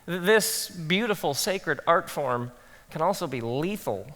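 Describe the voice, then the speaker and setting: A man speaking to a room of pastors, telling funny stories from his own work and acting out his inner thoughts in a hushed voice. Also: on the high side, measured pace. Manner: animated storytelling, acts out quoted inner thoughts in hushed tones. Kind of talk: conference talk with humorous stories. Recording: long hall reverb.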